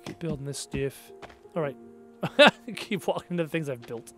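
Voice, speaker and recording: A man's voice: a little high, expressive, normal speed, music in the background. A man with a Canadian accent, streaming a game and chatting sarcastically with his viewers. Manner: chatty and sarcastic, answers chat aloud. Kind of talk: casual live-stream chat while gaming.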